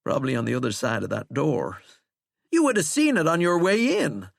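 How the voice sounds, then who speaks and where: A man's voice: medium pitch, wildly swooping pitch, brisk, vocal fry, dry recording, clean studio sound, voice pushed up, full character voice. A man voicing a shackled, cursed man who is wry, sardonic and coaxing, with a folksy way of talking.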